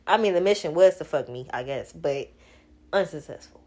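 A woman's voice: lowish voice, brisk, a little mellow. A woman, hosting her own podcast in a blunt, candid casual monologue, laughing often and swearing freely. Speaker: podcast host.

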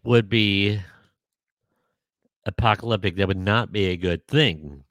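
A man co-hosting a podcast in casual chat, joking dryly and pausing often with ums. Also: on the low side, a bit bright, no echo. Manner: dry joking, hesitant with many ums. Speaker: podcast co-host.

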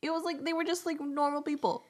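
A woman co-hosting a podcast in casual chat, animated and laughing, with quick asides and swearing. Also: high-pitched. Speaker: podcast co-host.

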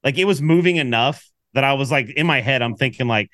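A man co-hosting a casual sports podcast, telling a story with lively acted-out quotes. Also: medium pitch, fairly quick, few pauses, no echo, studio quality. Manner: animated storyteller, acts out quotes. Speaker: podcast co-host.

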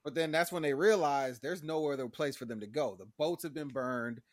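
Animated, fairly high-voiced man telling a story. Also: fairly quick, no room sound, clean studio sound. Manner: animated storyteller, acts out characters in exaggerated voices, laughs often. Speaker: podcast co-host recapping a show. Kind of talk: casual podcast chat.

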